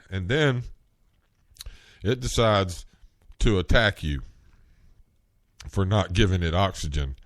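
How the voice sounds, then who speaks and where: Male podcast host, deep voice, dry close mic, slow earnest monologue. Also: lively intonation, no echo. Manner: slow, rambling, earnest, rising in pitch when worked up. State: coughing, clearing throat. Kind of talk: solo commentary podcast.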